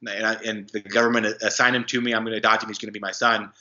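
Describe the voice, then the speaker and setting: A man's voice: on the low side, flat delivery, racing, bright, forceful tone. A young man, a podcast guest, telling a personal story casually with many fillers and restarts. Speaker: podcast guest, anti-trafficking worker. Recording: dull lo-fi sound.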